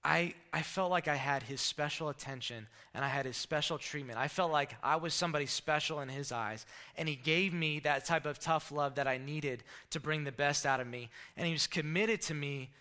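A man preaching a sermon, telling a story and acting out the shouted lines of the people in it. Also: fairly high pitch, moderate pace, few pauses. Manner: animated storyteller, acts out shouted quotes.

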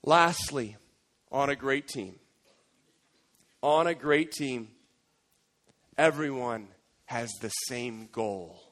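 A man preaching a sermon as pastor, energetic and emphatic, with playful storytelling. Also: mid-range voice, slow pace, pauses often, rough recording.

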